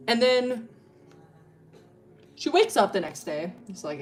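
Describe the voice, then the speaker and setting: A woman's voice: on the high side, sing-song, takes it slowly, pauses often, darkish tone. A young woman streamer telling a story in a casual, rambling way, giggling often and full of fillers.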